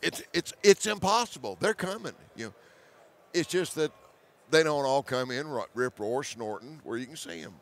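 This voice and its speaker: Animated man telling hunting stories. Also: medium pitch. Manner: animated storyteller, laughs often; hurried restarts and repeated words. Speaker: hunting show host as guest. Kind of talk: storytelling in conversation.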